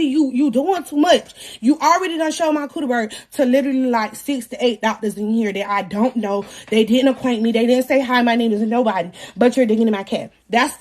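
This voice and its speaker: A young woman in her twenties hosting a livestream, telling a story casually in animated, slangy talk and joking with her viewers. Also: sits high. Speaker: live-stream host.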